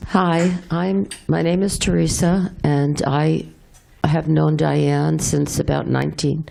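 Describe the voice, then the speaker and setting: A middle-aged woman giving a heartfelt memorial speech for a friend, halting and tender, with many pauses and restarts. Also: deep voice, fairly even intonation, gravelly, warm tone, a little hiss or hum.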